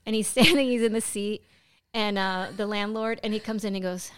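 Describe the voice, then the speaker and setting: A woman co-hosting a podcast in casual chat, animated and acting out movie lines as she talks. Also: medium pitch, brisk, clean tone. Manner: animated, quotes movie lines in put-on voices. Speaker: podcast co-host.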